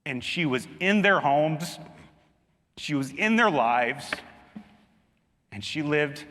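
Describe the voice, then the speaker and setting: A man delivers an earnest sermon in a bright, forceful voice. He presses his points by pushing higher and louder. The sound carries a long reverb, as in a big hall. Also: expressive, takes it slowly, pauses often. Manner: earnest preaching, rising emphatically on key points. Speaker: pastor.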